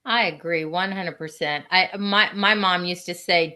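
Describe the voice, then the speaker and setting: A woman's voice: fairly low pitch, unhurried, pushed and bright. A woman co-hosting a casual podcast, agreeable and chatty, laughing between thoughts. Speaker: podcast co-host. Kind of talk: casual chat.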